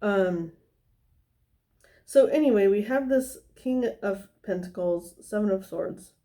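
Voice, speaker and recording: A woman's voice: medium pitch, takes it slowly, mellow. A woman giving a casual tarot reading, talking in a loose, rambling way full of fillers and tangents. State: somewhat out of breath. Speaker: tarot reader.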